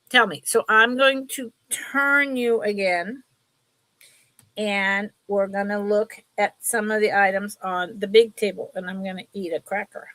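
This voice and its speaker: A woman with a bright, forceful, mid-range voice speaks at a measured pace with fairly even intonation, and there's no room sound. She hosts a casual live sale from her table, chatty and rambling, laughing often while she shows items.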